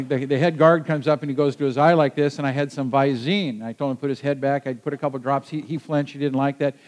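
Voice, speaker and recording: A man telling a personal adventure story to a listener, lively and halting, with frequent restarts. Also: mid-range voice, low-quality recording.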